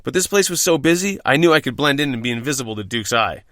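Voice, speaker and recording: A man's voice: medium pitch, expressive, fast, a bit bright, dry recording, clean studio sound. A man reading out his own bar stories, wry, profane and self-deprecating. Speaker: podcast host telling his own bartending stories. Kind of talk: scripted first-person storytelling.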